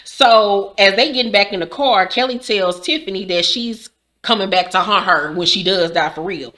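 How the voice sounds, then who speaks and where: Forceful, chatty woman recapping a show. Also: medium pitch, normal speed. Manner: slangy, profane, chatty storytelling. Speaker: YouTuber recapping a TV episode. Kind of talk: casual recap chat.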